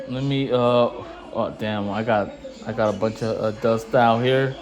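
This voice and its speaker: A man ranting casually to camera in slangy, profane talk, getting louder when he is indignant. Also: medium pitch, a little fast, poor audio. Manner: slangy, animated, swears freely; rising loud when indignant. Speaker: investing vlogger.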